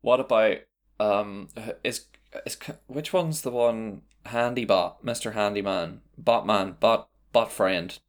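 A man's voice: fairly low pitch, takes it slowly. A man hosting a podcast, chatting casually and playfully while reading out listener suggestions. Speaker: podcast host. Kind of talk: casual chat.

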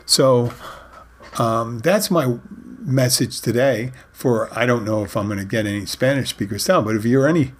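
A man hosting his own podcast, rambling in a casual solo monologue and often correcting himself mid-sentence. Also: medium pitch. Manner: rambling, self-correcting, says he talks fast. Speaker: podcast host.

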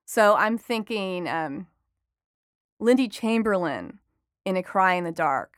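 A woman's voice: mid-range voice, lively intonation, slow pace, dry recording. Chatty woman reporter, very dry sound. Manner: chatty, laughs often, many fillers. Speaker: entertainment reporter and author. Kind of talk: conversational interview answers.

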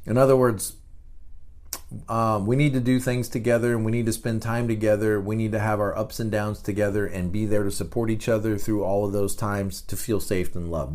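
A middle-aged man hosting a podcast, giving a casual talk as a teacher, animated and often repeating words. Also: medium pitch. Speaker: podcast host.

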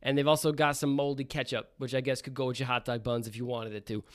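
A man's voice: mid-range voice, little pitch movement, quick pace, voice pushed down, natural voice. A man voicing a brash, crude New York trash driver with a put-on New York accent that drifts toward Australian, rambling through an ad read. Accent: put-on New York with a bit of Australian.

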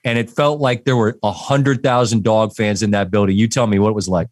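A man's voice: fairly low pitch, steady tone, fairly quick, a little mellow, no echo. A middle-aged man hosting a casual sports talk show, earnest and direct, addressing listeners plainly. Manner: earnest, direct, preachy in asides. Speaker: host.

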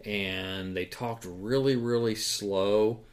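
A man's voice: on the low side, steady tone, slow pace. A man co-hosting a podcast in casual chat, rambling with many fillers and chuckles. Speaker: podcast co-host.

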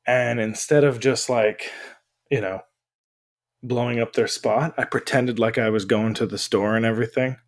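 A man's voice: medium pitch, steady tone, moderate pace. Giggly man telling a story. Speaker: podcast co-host. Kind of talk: casual chat.

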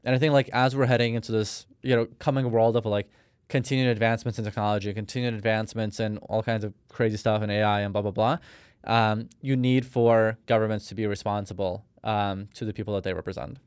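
A man's voice: fairly low pitch, level tone, fast talker, a little mellow, clean tone, no room sound, studio quality. A man in his thirties from Russia, a podcast guest telling a personal story in a rambling, casual way with many fillers. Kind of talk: casual interview talk.

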